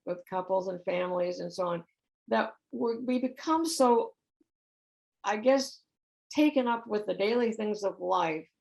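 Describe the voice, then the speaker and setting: Woman, middle-aged, gravelly, conversational talk, questions to the audience. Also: medium pitch, a little mellow, low-quality recording. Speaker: speaker giving a talk on relationships. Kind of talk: spiritual center talk.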